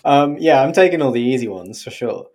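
A woman's voice: a bass voice, animated, fairly quick, darkish tone. A woman co-hosting a podcast in easy, rambling chat. She laughs while she explains, swears now and then, and drops into goofy put-on for single words. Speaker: podcast co-host.

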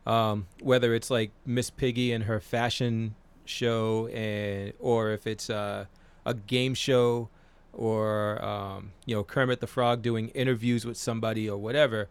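A man's voice: fairly low pitch, level tone, a little slow, few pauses, clean tone. Rambling, profane man in his forties. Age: 40s. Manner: rambling, profane, with many fillers. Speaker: podcast co-host. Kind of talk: casual chat.

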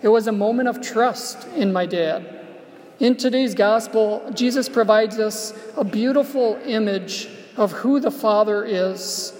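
A man preaching a homily, telling a personal story in a reflective way and slowing down softly on key phrases. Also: high voice. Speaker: Catholic preacher. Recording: long church reverb.

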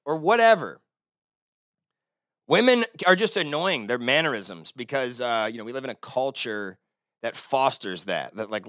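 A man with a Texan accent hosting his own solo podcast, ranting casually with lots of swearing, swinging from loud outbursts to low mutters. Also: no room sound, clean studio sound. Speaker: podcast host. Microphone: close-talking podcast mic.

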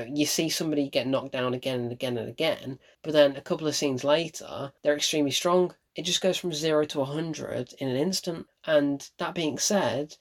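A man talks through a film review in a casual, opinionated way. He is blunt and emphatic, and he comes back to the same point again and again to drive it home. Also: a little high.

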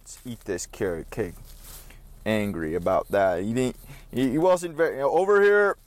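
A man's voice: mid-range voice, a little slow. A man hosting his own podcast as a casual, rambling vlog, cursing and complaining while driving and shopping. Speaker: podcast host. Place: car and store, on the go.

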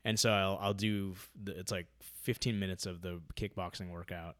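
A man chatting casually about his training, rambling with lots of fillers and getting loud when excited. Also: sits low, normal speed, dry recording, clean studio sound. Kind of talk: casual podcast chat.

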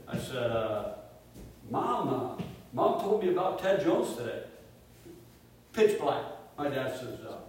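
A middle-aged man preaching a sermon and telling a personal story, animated, dropping to hushed tones when he quotes family. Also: mid-range voice, slow, long pauses. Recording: echoey room, speaker far from mic, faint hiss.

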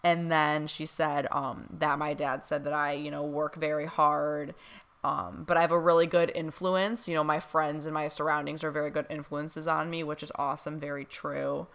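A woman's voice: sits low, flat delivery, normal speed, gravelly, a bit bright, smooth. A young woman chatting casually to camera, filling her talk with "you know" and "like" and laughing often. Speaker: vlogger recounting a reading. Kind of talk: casual chat.

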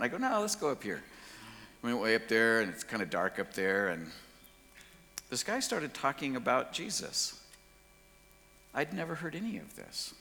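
A man telling his personal story in a casual, slangy, lively way. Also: sits low, in a large hall, slight background noise. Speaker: speaker sharing his testimony.

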